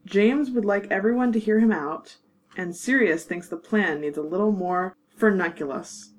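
A woman narrating a fanfiction audiobook in a measured, wry storytelling manner. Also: mid-range voice, low-quality recording. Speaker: narrator and producer.

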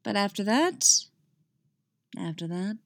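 A woman's voice: medium pitch, moderate pace, darkish tone, no room sound, clean studio sound, close to an everyday voice. Woman reading as a smug, teasing lover. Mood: teasing, tender. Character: teasing devoted man, dangerous and affectionate.

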